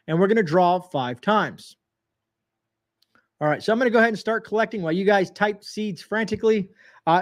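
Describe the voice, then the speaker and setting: High-voiced folksy man hosting a livestream. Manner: folksy, rambling, calls viewers folks; reads viewer comments aloud, greets chatters. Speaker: livestream host. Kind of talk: casual livestream chat.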